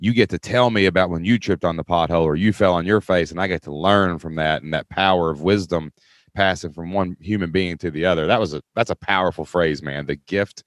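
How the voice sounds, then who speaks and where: Enthusiastic low-voiced podcast host. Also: male voice, fairly quick, dry recording, studio quality. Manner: enthusiastic, laughs easily, peppers talk with "man" and "dude". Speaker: podcast host, former school teacher. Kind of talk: podcast interview, casual chat.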